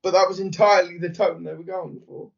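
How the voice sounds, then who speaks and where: High-voiced man musing over lo-fi audio. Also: fairly even intonation, a little fast, gravelly. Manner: musing, repeats words as he thinks aloud. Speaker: podcast co-host. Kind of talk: casual discussion. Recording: dull lo-fi audio.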